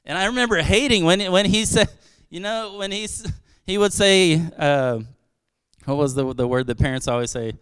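A man's voice: high voice, moderate pace, a bit bright, clean tone. A man from Brazil preaching a sermon as a pastor, earnest and conversational, with rhetorical questions and frequent restarts.

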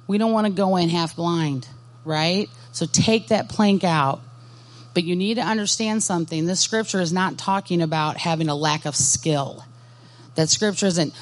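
Brief: woman, lowish voice, earnest and direct workshop speaker who questions the room. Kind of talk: Christian ministry workshop talk. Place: conference workshop session.

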